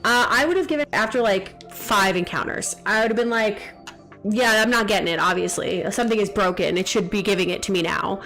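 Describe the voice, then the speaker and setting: A woman's voice: medium pitch, pushed and bright, faint music behind. A young woman streaming a game, chatting casually and teasing the viewers in chat. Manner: chatty, reads chat aloud, quick jokes and teasing.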